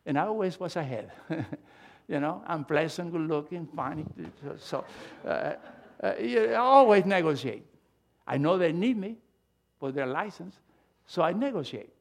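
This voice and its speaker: High-voiced emphatic male preacher. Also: creaky. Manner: emphatic, animated, swings from loud to hushed; halting restarts and repeated words. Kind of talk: sermon.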